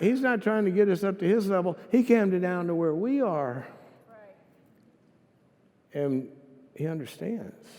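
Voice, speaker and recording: A man's voice: high-pitched, mellow. Storytelling man in a reverberant church hall. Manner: conversational storytelling, acts out quoted voices. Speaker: guest speaker. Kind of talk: sermon with personal stories.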